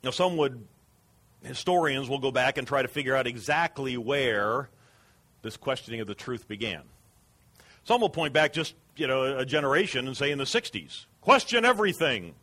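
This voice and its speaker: A man's voice: medium pitch, moderate pace, a bit bright. A man preaching a sermon as pastor, earnest and emphatic.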